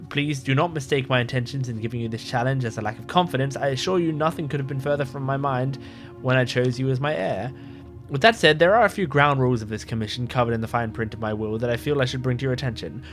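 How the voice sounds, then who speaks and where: Male game streamer, casual let's-play host, sleepy and chatty, mid-pitched, with faint music behind him. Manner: relaxed, chatty, laughs often. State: sleepy, yawning. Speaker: gaming video host.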